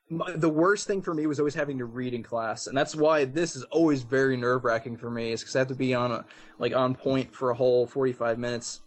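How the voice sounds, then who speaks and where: A young man with a New Jersey accent rambles through a casual podcast chat, stumbling over words because of a slight speech impediment. He is on cold medicine, and his talk is loose, halting and full of fillers and swearing. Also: medium pitch. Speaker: podcast co-host.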